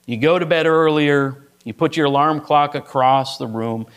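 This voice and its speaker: A man's voice: a little high, normal speed, clear, resonant tone. A middle-aged male pastor preaching a sermon, telling a story to illustrate his point and often checking in with "right?".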